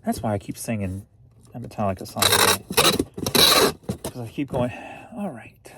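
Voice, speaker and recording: A man's voice: fairly low pitch, moderate pace, very noisy. A man from St. Louis, an online reseller casually narrating as he packs orders, muttering to himself while he works. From St. Louis, Missouri.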